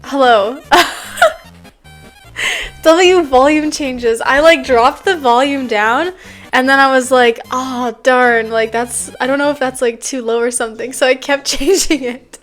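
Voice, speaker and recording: A woman's voice: high voice, slow, soft background music. A woman streamer chatting casually with her chat, giggling often and talking loosely with plenty of fillers. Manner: giggly, laughs often between sentences.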